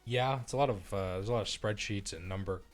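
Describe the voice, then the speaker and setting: A man's voice: lowish voice, fast, soft background music. A young man streaming live and chatting casually through a cheap desk mic, rambling, repeating himself and laughing often.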